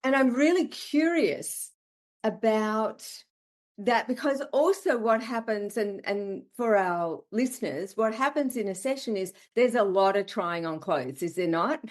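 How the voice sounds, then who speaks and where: A woman's voice: mid-range voice, expressive, a little slow. A woman hosting an interview podcast, encouraging her guest with short affirmations and curious follow-up questions. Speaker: podcast host. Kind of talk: interview conversation.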